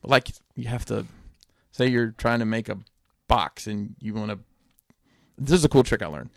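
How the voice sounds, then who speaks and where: Man, gravelly voice, dry close sound, rambling casual podcast chat. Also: on the low side, moderate pace, no echo. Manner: rambling, animated, swears casually.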